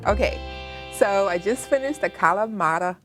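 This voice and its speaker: A woman's voice: mid-range voice, animated, moderate pace, faint music behind. A woman with a Southern American accent hosting a home cooking demonstration, chatting to the viewer as she works in her kitchen. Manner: chatty, talks to the viewer while working. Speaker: cooking show host.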